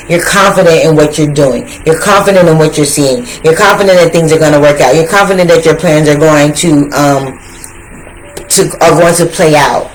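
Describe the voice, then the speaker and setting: A woman giving a casual tarot reading, talking straight to her viewers in an animated, slangy way that repeats phrases for emphasis. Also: low-pitched, slight background noise, low-quality recording. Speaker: tarot reader.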